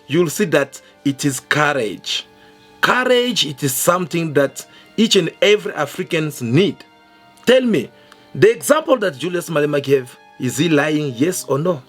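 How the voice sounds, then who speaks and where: This is a commentator talking over a speech clip in a husky, slightly rough voice. The delivery is emphatic and the commentator keeps challenging the viewers with direct questions. Faint music plays underneath. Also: medium pitch, big pitch swings, moderate pace. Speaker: online commentator.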